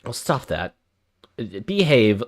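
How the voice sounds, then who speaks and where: A man streaming a visual novel live talks with his viewers and reads the narration aloud, getting flustered and repeating himself. His mid-range voice swings widely in pitch, and he speaks slowly.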